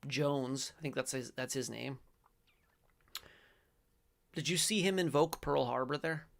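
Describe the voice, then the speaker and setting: Reading aloud and reacting in a casual faith-based commentary, a middle-aged man speaks with a deep, gravelly, fry-filled voice at an unhurried pace. He rambles and corrects himself partway through sentences, then bursts out loudly and emphatically.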